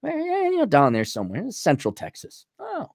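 A middle-aged man rambles through folksy, animated advice for a listener. His voice sits high for a man and leaps up and down. The sound is dry and close, with no room around it. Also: normal speed, gravelly, no room sound. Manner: animated, rambling, folksy storytelling with sudden loud swings. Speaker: advice host answering a listener. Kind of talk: casual advice monologue.

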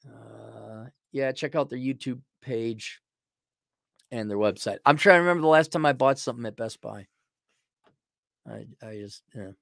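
A man's voice: medium pitch, animated, unhurried, creaky, pauses often, fairly bright tone, no echo, clean studio sound. Sarcastic middle-aged man ranting. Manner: rambling and sarcastic, mocks with put-on voices. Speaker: livestream host. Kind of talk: casual opinionated commentary.

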